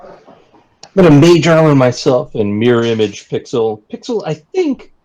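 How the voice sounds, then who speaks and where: A man's voice: mid-range voice, sing-song, a little slow, darkish tone, poor audio. Easygoing man playing a tabletop game. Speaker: player. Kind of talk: casual tabletop game chat.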